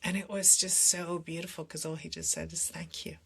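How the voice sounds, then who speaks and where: Female podcast guest, somatic coach, low-set voice, animated storyteller who quotes herself. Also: a little fast, vocal fry, breathy edge. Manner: animated, acts out her own dialogue, laughs between phrases. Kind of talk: candid personal storytelling.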